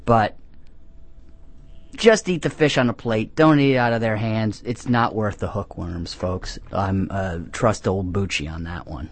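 Deadpan rambling man hosting a comedy show. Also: on the low side, unhurried. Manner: deadpan absurd tangents, self-mocking, many restarts. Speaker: call-in radio show host. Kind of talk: rambling comic monologue.

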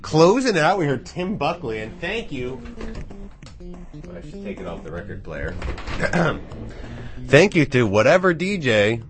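Guy djing live on the radio, thinks out loud, super bouncy pitch, studio mic. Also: very animated, unhurried, pauses often, faint music behind. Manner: rambling, thinks out loud, chatty. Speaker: radio DJ and host. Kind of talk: casual live radio chat. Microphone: studio microphone.

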